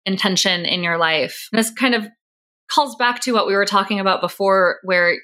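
Earnest woman guest, mid-pitched. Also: moderate pace, pushed and bright. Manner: earnest, reflective, speaks of intention and words. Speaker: podcast guest, photographer. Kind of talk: casual interview talk.

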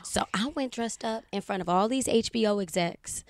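An actress from Baltimore telling a lively story as a guest on a casual chat show, slipping into the voices of the people she quotes. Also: mid-range voice, moderate pace, no echo, clean studio sound.

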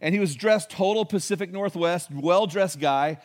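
A male pastor with a voice that sits high preaches at a moderate pace. His sermon is conversational and folksy, told like a story, with emphasis landing on key words.

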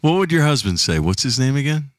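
A man's voice: medium pitch, very animated, background noise. Jokey man from Connecticut. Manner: jokey, quick to laugh and echo others. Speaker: podcast co-host. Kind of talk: casual chat.

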